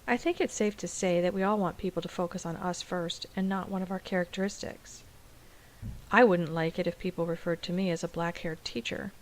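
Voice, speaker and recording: A woman special education teacher explaining things in a calm, measured, scripted dialogue. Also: fairly low pitch, poor audio.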